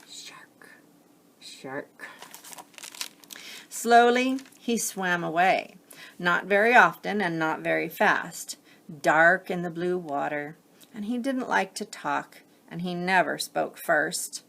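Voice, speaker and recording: Teacher reading aloud: woman, lower voice, very slow, gentle explanations. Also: vocal fry. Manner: gentle, pausing to explain the story. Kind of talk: reading a picture book aloud.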